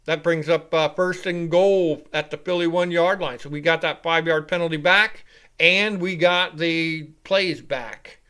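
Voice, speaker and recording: A man hosting a live reaction show, giving casual play-by-play commentary. He rambles off-topic, swears freely and gets louder and higher whenever he calls the action. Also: steady tone, a little slow, clean tone. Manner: rambling and casual, with profanity, rising and louder when calling plays.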